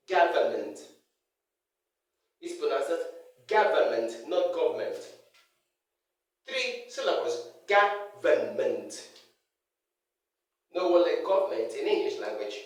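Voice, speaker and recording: A teacher giving a pronunciation lesson, drilling each word by repeating it and setting the wrong version against the right one. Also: mid-range voice. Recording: very echoey, from a distance.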